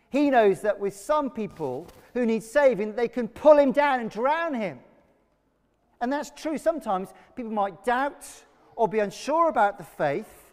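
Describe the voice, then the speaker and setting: A man delivers a lively sermon in a high, bright register. He calls on the congregation to repeat lines back to him. His voice rings with the long reverb of a church hall. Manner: energetic, leads congregation call-and-response. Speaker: pastor.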